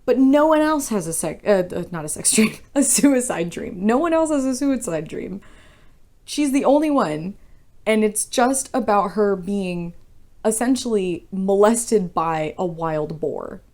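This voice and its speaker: A woman's voice: medium pitch, animated, measured pace, a little mellow. A young woman casually ranting about a book she reviews, frank and exasperated, swearing freely and rambling.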